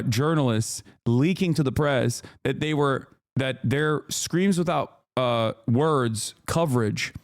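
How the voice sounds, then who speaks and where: Heated, sarcastic male streamer. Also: medium pitch. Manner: heated, sarcastic, fast restarts and fillers. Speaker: live streamer reacting to a clip. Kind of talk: casual stream commentary.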